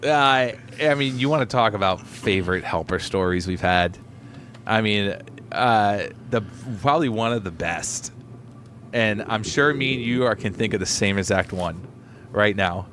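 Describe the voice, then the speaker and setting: A man's voice: fairly low pitch, a little slow, slight background noise. Swearing male podcast co-host. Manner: animated storytelling with swearing and put-on quotes. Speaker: podcast co-host, delivery driver. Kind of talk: casual profane chat.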